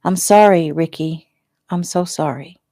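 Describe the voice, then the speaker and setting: A woman reading a quiet, guilt-ridden young woman. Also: on the low side, measured pace, dry recording, studio quality. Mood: remorseful. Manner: quiet, groggy, remorseful.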